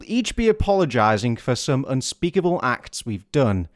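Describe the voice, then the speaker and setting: A man with a very animated voice plays at being a game-show announcer on a casual podcast. The sound is close and dry, with no room around it. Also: medium pitch, normal speed, few pauses, dry recording. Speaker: podcast co-host. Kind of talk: casual chat.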